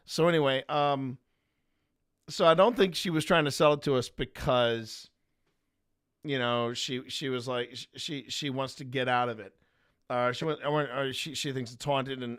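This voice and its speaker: A man's voice: medium pitch, steady tone, moderate pace, fairly bright tone, smooth. A man hosting a paranormal footage review, chatting casually and rambling with many restarts. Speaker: paranormal investigator host.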